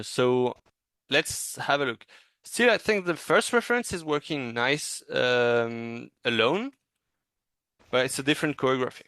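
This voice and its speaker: Male reviewer giving feedback, smooth clear voice, dry close sound, halting and encouraging. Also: mid-range voice, fairly bright tone, dry recording. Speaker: animation reviewer. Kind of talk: casual teaching critique.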